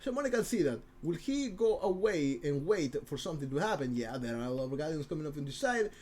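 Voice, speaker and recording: Guy casting a strategy match, high voice jumping all over the place, excitable and rambly, keeps repeating himself. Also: quick pace. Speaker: game caster. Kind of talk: live game commentary.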